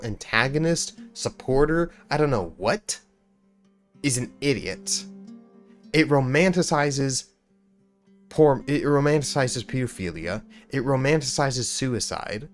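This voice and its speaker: A man and gaming YouTuber in an angry, sweary rant about a game, repeating himself, then quietly apologizing to his viewers. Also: mid-range voice, moderate pace, soft background music.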